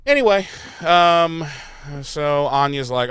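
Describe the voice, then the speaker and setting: Male podcast host, rambling, sarcastic, swears freely; clear resonant tone, dead-dry room. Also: medium pitch, animated, unhurried, a bit bright, no room sound. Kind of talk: casual recap chat.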